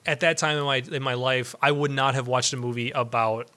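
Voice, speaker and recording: A man's voice: medium pitch, steady tone, a little fast, sharp tone. A man co-hosting a movie podcast in casual chat, rambling with lots of restarts and easy laughs. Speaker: podcast co-host.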